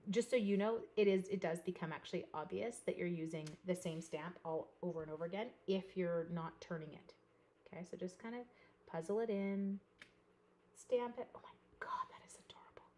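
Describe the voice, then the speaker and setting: A middle-aged woman chatting through a live craft demonstration, greeting viewers by name and dropping to soft murmurs while she works. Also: mid-range voice, slight background noise. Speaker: card-making demonstrator.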